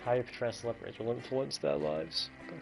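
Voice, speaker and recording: A woman chatting over her gameplay on a live stream. Her commentary is casual and blunt, full of swearing and quick asides. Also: a bass voice, animated, vocal fry, over music.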